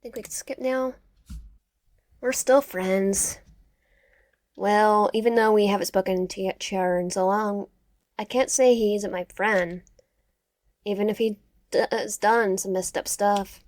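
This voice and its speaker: A woman reads through a dating game's narration, expressive and quick with sarcastic asides. Her voice sits in a middle pitch and sounds close and dry, with no room echo. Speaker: gamer. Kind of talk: reading a dating game aloud.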